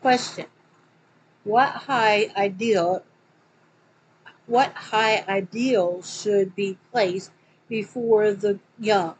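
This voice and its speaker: A woman with a Southern accent reading a religious book aloud, with hesitant asides and slow, louder scripture quotes. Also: mid-range voice, fairly even intonation, slight background noise, poor audio. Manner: hesitant, many fillers, slows and gets louder when quoting scripture. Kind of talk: casual read-aloud with asides. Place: home.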